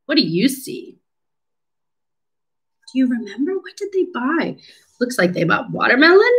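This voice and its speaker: Woman talking real slow to little kids, voice bouncing up and down a lot, stretching words out. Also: high voice, fairly bright tone, husky, low-quality recording. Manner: slow, sing-song, encouraging teacher talk with drawn-out words. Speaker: speech therapy clinician. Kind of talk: children's syllable-clapping lesson.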